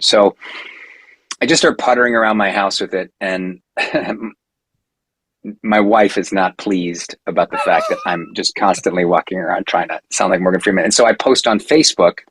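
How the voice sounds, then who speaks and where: A husky, somewhat low-voiced man in his forties recounting a story on a podcast. He talks casually and animatedly, full of fillers and self-corrections. The sound is dry and close to the mic. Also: expressive, a little fast, fairly bright tone, dry recording, rough recording. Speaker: podcast guest, actor.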